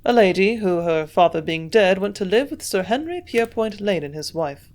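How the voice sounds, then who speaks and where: A woman's voice: medium pitch, expressive, moderate pace, darkish tone, lightly acted. A woman voicing a curious young male doctor who asks plain, earnest questions in her own voice.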